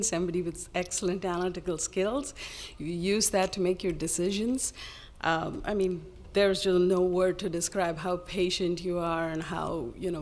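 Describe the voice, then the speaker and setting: A woman's voice: on the low side, a little mellow. A woman speaking at public comment in a community hall, full of praise and often laughing.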